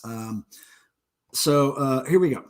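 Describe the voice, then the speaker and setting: A man's voice: medium pitch, slow pace. A man in his forties hosting a casual livestream, drinking beer and joking crudely with viewers in the chat. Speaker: livestream host.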